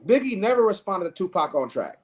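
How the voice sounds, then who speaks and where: A man co-hosting a casual podcast debate, animated and pressing his point with rhetorical questions. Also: sits high, brisk. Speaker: podcast co-host. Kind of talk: casual debate among friends.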